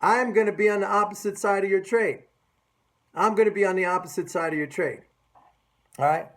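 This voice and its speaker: High-voiced sarcastic male market commentator. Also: fairly even intonation, fairly quick, a bit bright. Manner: sarcastic and mocking; emphatic, repeats phrases. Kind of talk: casual market commentary rant.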